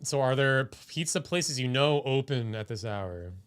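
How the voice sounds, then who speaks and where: A man co-hosting a live stream, chatting in a laid-back way and thinking out loud. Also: mid-range voice, animated, moderate pace, clear, resonant tone. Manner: laid-back, laughs often, thinks aloud. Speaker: stream co-host. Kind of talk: casual live-stream chat.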